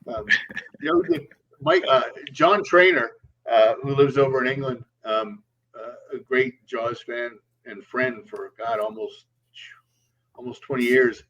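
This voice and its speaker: A man's voice: mid-range voice, lively intonation, a little slow, a bit bright. A man co-hosting a podcast in casual chat, rambling with many ums and uhs. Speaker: podcast co-host. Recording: lo-fi, distant mic with faint hum.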